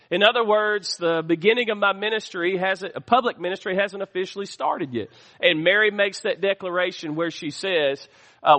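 High, bright-voiced preacher in a reverberant hall. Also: male voice, normal speed. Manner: preaching with call-and-response asides to the congregation. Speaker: pastor. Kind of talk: sermon. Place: church sanctuary.

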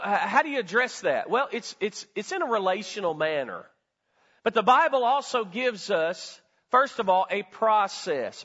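A man's voice: sits high, a bit bright, big-room sound, muffled recording. A male pastor giving a sermon in a conversational, folksy way, often putting questions to the congregation. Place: church sanctuary.

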